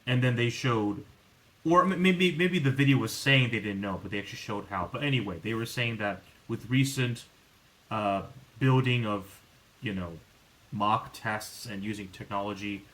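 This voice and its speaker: A man's voice: fairly low pitch, normal speed, rough recording. Rambling man on a casual podcast. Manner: rambling, many restarts and fillers, animated when exasperated. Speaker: podcast host. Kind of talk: casual chat.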